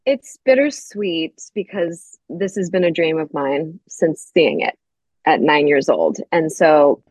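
A woman's voice: lowish voice, no room sound, dull audio. A young woman, a stage actress and podcast guest, chatting in a bubbly, talkative way, filling her story with likes. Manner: bubbly, chatty, many likes, acts out quoted voices. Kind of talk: casual chat, telling an anecdote.

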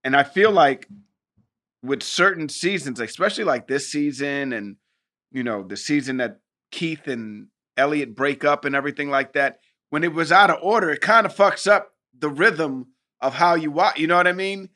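A man's voice: on the high side, moderate pace, pushed and bright. A man co-hosting a casual podcast chat who jokes, teases his co-host and swears casually. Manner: joking, teasing, swears casually.

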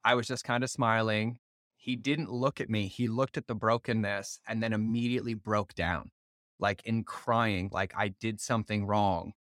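A man hosting a podcast, telling stories in an animated way and swearing freely in casual conversation. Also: on the low side, moderate pace, no echo, clean studio sound. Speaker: podcast host.

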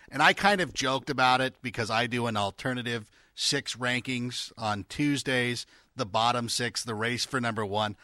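Chatty bright-voiced male co-host. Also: medium pitch, dry recording, studio quality. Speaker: podcast co-host. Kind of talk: casual sports podcast banter.

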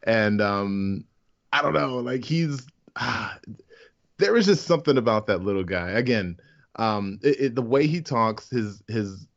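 A man co-hosting a casual podcast, excitable, swearing often and acting out quotes in a higher voice. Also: unhurried, vocal fry, dull audio. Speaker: podcast co-host. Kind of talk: casual chat.

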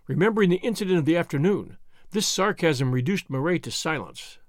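A man narrating an audiobook in an expressive, dramatic reading style. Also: a little high, a little fast, dry recording, clean studio sound. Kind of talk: scripted narration.

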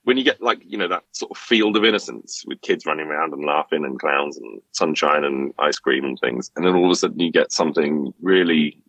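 A man talking as a podcast guest, an animated storyteller who laughs often in casual film chat. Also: very deep voice, brisk, vocal fry, few pauses, no room sound, lo-fi sound.

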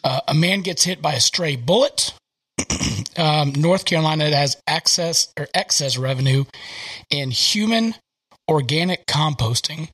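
Southern man podcast host, slightly higher voice, rambling chatty delivery. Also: lively intonation, a little slow, a bit bright. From American South. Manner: rambling, filler-heavy. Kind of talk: casual chat. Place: home office.

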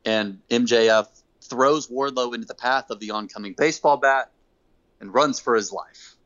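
A man hosting a casual chat, an animated storyteller who acts out quotes. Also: medium pitch, moderate pace. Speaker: podcast host. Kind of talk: casual wrestling recap chat. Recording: dull lo-fi recording.

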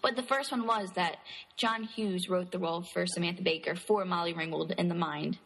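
A woman co-hosting a podcast, reading trivia items from a list in a relaxed way. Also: lowish voice, fairly quick, vocal fry, big-room sound, low-quality recording. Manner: reads trivia from a list, laughs easily. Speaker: podcast co-host. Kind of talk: casual podcast chat.

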